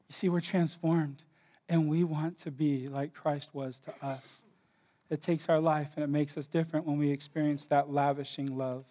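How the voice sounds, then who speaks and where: A man preaching a sermon with passion, rising to loud bursts and dropping to hushed, quiet lines. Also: fairly high pitch, steady tone, normal speed. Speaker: pastor.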